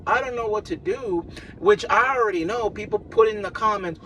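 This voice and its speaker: A man in his thirties venting in a personal vlog, halting and repeating himself as he talks. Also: high-pitched, fairly bright tone. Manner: halting, repetitive, venting and apologetic. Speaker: vlogger. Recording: noisy background hum.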